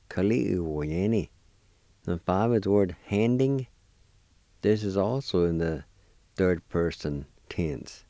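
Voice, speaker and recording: A man's voice: deep voice, lively intonation, a little slow, mellow, dry recording. A man teaching vocabulary, patiently spelling and sounding out words letter by letter. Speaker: language teacher. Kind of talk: slow spelled-out vocabulary lesson.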